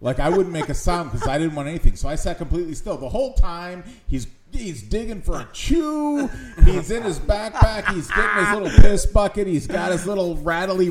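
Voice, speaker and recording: A man casually telling a rambling, self-mocking story about a first hunt, with many restarts. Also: sits high. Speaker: guest storyteller. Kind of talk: casual chat.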